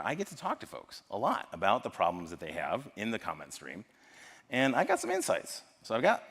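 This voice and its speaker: An American man giving a lively, joking tech talk at a live conference and quizzing the audience. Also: lowish voice. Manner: lively, jokey, polls the audience. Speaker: conference speaker. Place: large conference hall. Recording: long hall reverb from a live stage.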